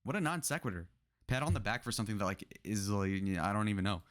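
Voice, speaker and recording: A male political commentator reacts to a clip in a sarcastic, exasperated tone. His voice sits on the low side, and he swears freely. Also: expressive, fast.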